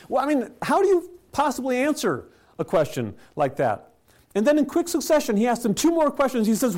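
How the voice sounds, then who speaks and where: A man preaching a sermon, telling stories with rhetorical questions and soft chuckles. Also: very high voice, very animated, brisk. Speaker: pastor.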